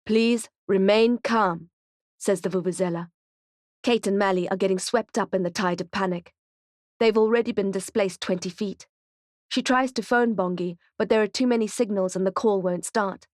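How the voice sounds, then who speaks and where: A woman's voice: medium pitch, normal speed, no room sound. Woman narrating a thriller audiobook, dry. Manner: tense, steady storytelling in present tense.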